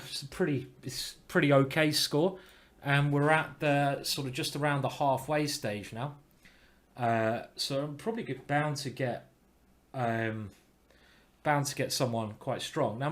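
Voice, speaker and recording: Male streamer, rambling live commentary, mid-pitched, casual, mildly sweary. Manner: chatty, rambling, with mild swearing. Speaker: chess grandmaster streaming his games.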